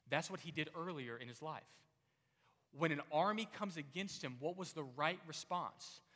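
A man's voice: fairly high pitch, sharp tone. A man preaching a sermon as pastor, talking conversationally with frequent restarts. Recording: long hall reverb.

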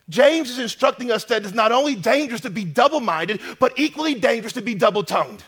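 A man preaching a sermon as pastor, emphatic and swinging between loud declarations and hushed asides. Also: very high-pitched, lively intonation, a little fast, few pauses, husky. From North America.

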